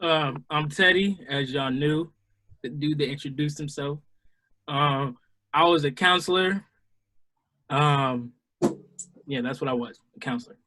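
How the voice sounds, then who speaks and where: Slow-talking, bright-voiced young man. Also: a little high, low-quality recording. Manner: slow, joking delivery. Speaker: former camp counselor. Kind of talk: casual podcast chat.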